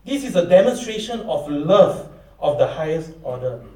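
A man's voice: on the high side, very animated, normal speed, dark tone. Middle-aged guy preaching, reads verses, does little voices of people asking when, kinda far from the mic, echoey room. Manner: reads scripture aloud, acts out voices of questioners. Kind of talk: sermon.

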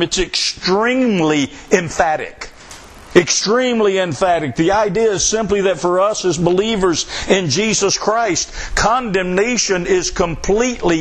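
A man preaching a sermon, who stresses his points by repeating them. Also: a little high. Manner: storytelling with acted quotes, emphatic repetition. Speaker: pastor.

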